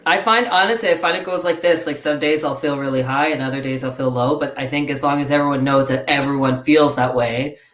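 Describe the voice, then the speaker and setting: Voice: mid-range voice, steady tone, a little fast, few pauses, fairly bright tone. An interviewer hosting a casual video chat, friendly and talkative, often chiming in with short agreements. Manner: chatty, frequent "yeah" backchannels. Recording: echoey room sound.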